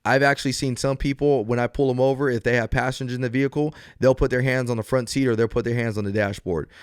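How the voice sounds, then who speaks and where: A man's voice: medium pitch, fairly even intonation, fast talker, smooth, no room sound, studio quality. A man, a police officer hosting a podcast on his own, explaining step by step in an earnest manner with frequent restarts and fillers. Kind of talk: solo podcast advice talk.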